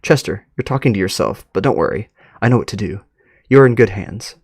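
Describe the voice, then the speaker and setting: A man voicing a soft-spoken, polite and calm male friend who offers therapy, read aloud from a story. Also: mid-range voice, a little fast, breathy edge, no echo, clean studio sound. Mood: calmly serious.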